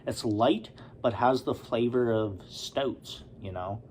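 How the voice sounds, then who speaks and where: Male beer reviewer, relaxed and unhurried, mid-pitched, casual rambling delivery. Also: a little hiss or hum. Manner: relaxed, rambling, with many fillers and asides.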